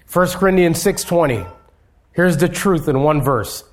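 A male pastor delivers an expository sermon in an unhurried, deliberate cadence. His voice sits high for a man. He lifts his voice on emphatic points and lets phrases fall away softly at their ends. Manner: measured preaching with emphatic rises and soft drops.

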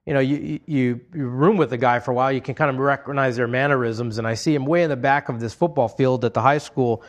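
A man's voice: medium pitch, fairly even intonation, fast talker. A man preaching an expository sermon, reading scripture aloud and paraphrasing it in an earnest, conversational way. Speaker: pastor.

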